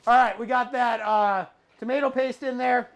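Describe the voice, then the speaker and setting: A woman's voice: a little high, steady tone, moderate pace. A woman hosting a casual cooking stream, playfully talking through each step as she cooks.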